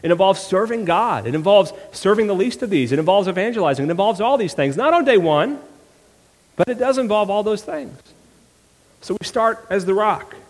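A man's voice: high voice, animated, brisk. Man preaching in an echoing church. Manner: conversational, with rhetorical questions and humorous asides. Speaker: pastor. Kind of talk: sermon.

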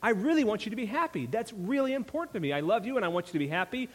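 A man voicing a doting ancient king who erupts in shouting outrage, acted within a sermon. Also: high-pitched, expressive, rapid-fire, in a large hall, voice pushed up. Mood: pleading. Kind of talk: sermon storytelling.

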